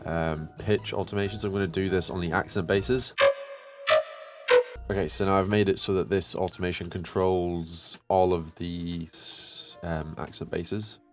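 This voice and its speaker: Deep-voiced producer chatting over music. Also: male voice. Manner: chatty, upbeat, lots of fillers and self-talk. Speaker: music producer, channel host. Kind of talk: casual tutorial commentary while producing. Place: home studio. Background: electronic music playing.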